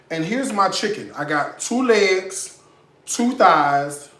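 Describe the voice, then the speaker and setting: A man's voice: high voice, lively intonation, takes it slowly, sharp tone, echoey room. A man hosting a casual home cooking tutorial in his kitchen, sassy and profane, tipsy from liquor as he rants about bad food. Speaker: home cook, cooking show host.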